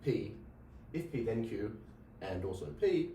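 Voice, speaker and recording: A male lecturer explains logic in a classroom with a board, a little slowly and in a sing-song way, repeating himself and asking "right?". His voice is somewhat low and mellow. It's captured from a distance in an echoey room with a faint ambient hum.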